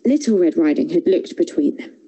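A woman telling a fairy tale for children in a theatre workshop, expressive and playful. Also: on the low side, brisk, slightly rough, rough recording. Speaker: storyteller, theatre workshop leader. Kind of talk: animated storytelling for children.

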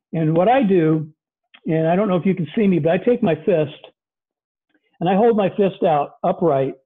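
Man, pastor, conversational sermon, husky voice, tinny video call audio. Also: a little high. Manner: conversational, earnest, many fillers.

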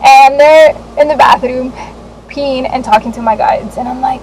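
A young adult woman vlogging, telling a candid personal story in an animated way, with laughs and the odd swear. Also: high-pitched, moderate pace, background noise.

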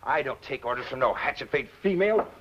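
Surly outlaw, lively rude delivery, muffled vintage TV audio. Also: male voice, medium pitch, quick pace, slightly rough. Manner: rude, blustering. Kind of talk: 1950s TV western acting. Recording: muffled old TV soundtrack.

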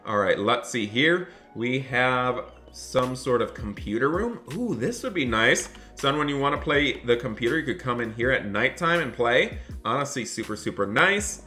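A man playing a dad in an animated game roleplay, excitable and often scolding his son. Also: mid-range voice, normal speed, hardly any pauses, soft background music.

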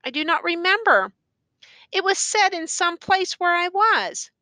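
A woman's voice: extremely high pitch, animated, dry recording, pitched above the performer's own voice, full character voice. Woman reading as a frightened young accused man. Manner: quiet, halting short answers.

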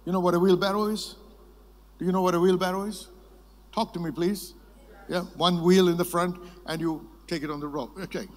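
A man preaching a sermon with a slightly raised pitch, telling stories and calling on the crowd to answer. His voice rings with the long reverb of a large conference hall. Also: fairly quick. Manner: lively storytelling, prompting the congregation to answer.

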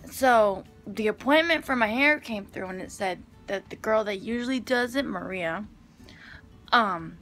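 A woman talks straight to camera in a bright, clear voice. She rambles through her day, full of "like" and restarts, over faint music. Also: mid-range voice, a little slow. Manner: rambling, filler-heavy storytelling. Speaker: vlogger. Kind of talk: casual chat to camera.

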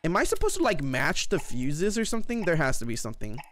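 A man streaming a horror game live, excitably chatting with his viewers as he plays. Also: on the high side, fast talker, slight background noise. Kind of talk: live gameplay commentary.

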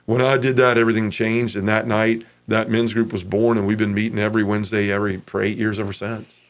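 A man giving an earnest, emotional personal testimony as an interview guest, acting out other people's voices as he tells the story. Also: fast talker. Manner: animated, acts out others' voices with raised pitch.

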